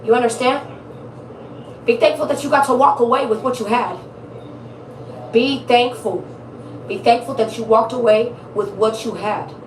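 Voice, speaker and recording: A woman reading tarot cards in a blunt, emphatic way, hammering each point with repetition. Her voice sits a bit high. She sounds set back from the mic in an echoey room, with clear background noise. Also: moderate pace, long pauses, distant mic. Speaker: tarot reader. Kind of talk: live tarot reading, casual talk.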